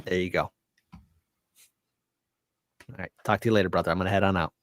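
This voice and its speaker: A man, a guest on a talk show, telling an emotional personal story in an earnest, halting way with many restarts. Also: low voice, fairly even intonation, no room sound, clean studio sound.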